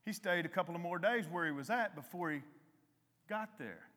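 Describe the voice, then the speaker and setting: A man preaching a conversational sermon to a congregation, with emphatic rises and a soft, slow hymn. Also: high-pitched, lively intonation, in a large hall. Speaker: lay preacher. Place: church hall.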